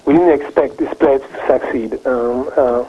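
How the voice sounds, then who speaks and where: A male developer talks down a phone line, pausing and restarting often. The sound is thin and tinny. His voice is husky. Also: medium pitch. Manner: halting, many fillers and restarts. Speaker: open-source driver developer guest. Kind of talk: interview over the phone.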